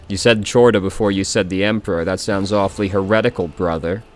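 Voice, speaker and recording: A man hosts a let's play, tossing off casual, quick remarks. His voice sits on the low side. Faint game music plays beneath him. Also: fairly even intonation.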